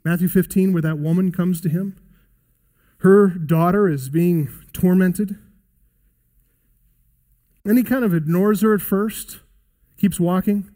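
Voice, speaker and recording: A man preaches a sermon earnestly and emphatically, slowing down to stress key lines and quoting scripture aloud. His voice is high with a dark tone.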